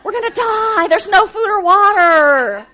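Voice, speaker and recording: A woman's voice: sits high, slow pace, voice pushed up. A woman acting out a panicking shipwrecked man who screams that they will die. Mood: panicked. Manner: frantic yelling.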